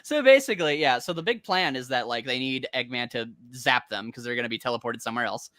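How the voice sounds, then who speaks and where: Male co-host, lively sing-song delivery, bright dry close-mic sound, storyteller who laughs easily. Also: medium pitch, quick pace, no echo. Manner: animated storytelling, acts out characters; laughs often. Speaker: podcast co-host. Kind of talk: casual chat.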